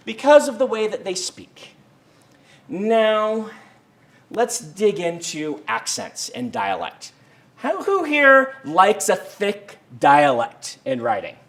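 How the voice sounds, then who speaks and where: A man's voice: high voice, a bit bright. A man teaching a university writing class, casual and conversational, with frequent ums and restarts. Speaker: writing instructor. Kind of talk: university lecture. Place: lecture hall.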